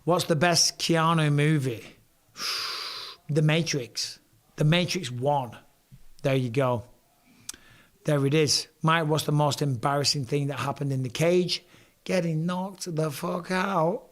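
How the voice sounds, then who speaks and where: A man with a hoarse, strained voice runs a casual live stream. He reads viewer comments aloud and answers them with cheeky banter and casual swearing, and his pitch sits slightly high for a man. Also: takes it slowly, pauses often. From England.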